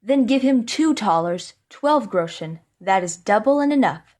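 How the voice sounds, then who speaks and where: A clever young scholar, calm and sure of himself, talking a little lower than the narration around him, voiced by a woman reading a storybook. He stays level even when his father scolds him. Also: a little slow, close to an everyday voice.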